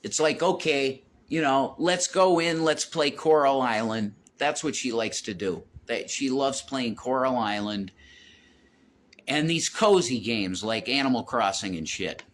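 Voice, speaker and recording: A man's voice: mid-range voice, a little slow, fairly bright tone, a little hiss or hum. A man rambling and swearing as he walks around his house, vlogging into his phone. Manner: rambling, repeats himself, swears a lot. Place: home, walking around with a phone.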